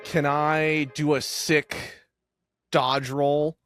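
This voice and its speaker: A player in a tabletop game who gets excitable, tripping over words and swearing. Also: medium pitch, very slow, music in the background. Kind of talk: playing a tabletop game, casual.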